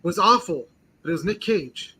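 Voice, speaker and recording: A man's voice: high-pitched, expressive, moderate pace, bright, forceful tone, breathy edge, poor audio. A man hosting a casual pop-culture chat show, talking eagerly and rambling with lots of "like" fillers. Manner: eager, rambling, heavy use of "like". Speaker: podcast host.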